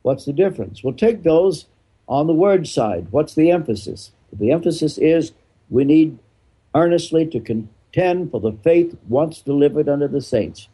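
A man's voice: fairly high pitch, animated, moderate pace, dark tone, husky. An older man, a retired pastor being interviewed, explaining his views emphatically and answering his own rhetorical questions.

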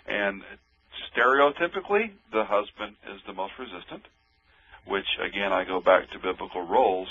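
A man's voice: deep voice, husky. A man giving earnest Christian marriage advice on the radio, telling anecdotes and often repeating words as he restarts. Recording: narrow tinny radio-line sound.

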